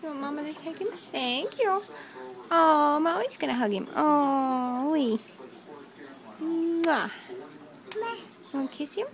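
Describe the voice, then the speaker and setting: A woman's voice: high-pitched, animated, slow, long pauses. A young woman filming her toddler at home, talking in a sing-song, cooing baby-talk voice and repeating words for the child.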